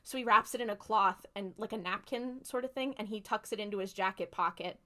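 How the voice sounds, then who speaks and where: A podcast co-host recapping episodes casually retells a story, chatty and full of fillers, swearing freely. Her mid-range voice is pushed and bright, and she speaks fairly quickly.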